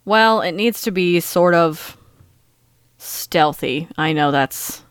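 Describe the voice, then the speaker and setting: Mid-pitched tabletop player. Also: slow pace, fairly bright tone, clean tone, dry recording, clean studio sound. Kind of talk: casual tabletop play.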